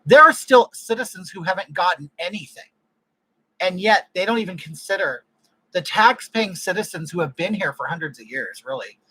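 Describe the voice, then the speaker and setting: A man's voice: high voice, animated, normal speed, pushed and bright, husky, no echo, poor audio. A man from California hosting a casual livestream chat, ranting bluntly with strong opinions. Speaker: livestream host.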